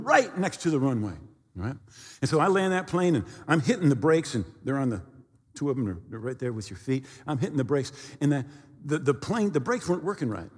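Husky-voiced pastor telling a story. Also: male voice, fairly high pitch, in a large hall. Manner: animated storyteller, acts out sounds and dialogue. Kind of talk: storytelling sermon.

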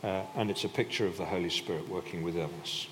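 A man's voice: sits low, fast. A man preaching a sermon in a conversational way, often restarting his sentences. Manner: conversational, with frequent restarts and filler. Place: church hall. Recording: reverberant hall, faint background noise.

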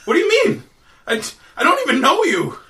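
Guy doing a jumpy stammering wizard, high and pleading, echoey room from far off. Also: huge pitch swings, measured pace, pushed and bright, full character voice. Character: nervous male wizard, jittery and pleading.

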